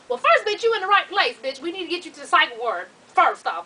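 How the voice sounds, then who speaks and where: High, bright woman telling a profane story. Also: fast talker, few pauses. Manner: profane, animated, laughs through the story. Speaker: vlogger. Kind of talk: casual storytelling to viewers. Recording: distant mic with faint hiss.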